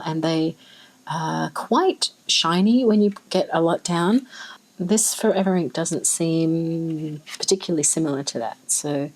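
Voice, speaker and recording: A soft-voiced Australian woman chats as she swatches inks, musing aloud and exclaiming quietly over each color. Her voice sits a little low and has a husky, breathy edge. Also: low-quality recording. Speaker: ink swatching vlogger. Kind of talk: casual chat while swatching.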